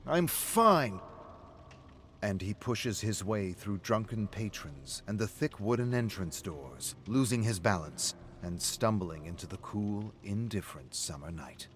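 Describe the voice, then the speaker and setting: Man, narrator, low voice, even measured reading, faint background hiss. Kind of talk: storytelling narration.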